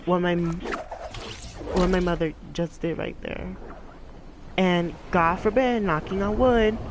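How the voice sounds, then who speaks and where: A woman's voice: fairly low pitch, gravelly, background noise. A young woman gaming vlogger venting casually while she plays, talking emotionally and rambling with lots of "like" fillers.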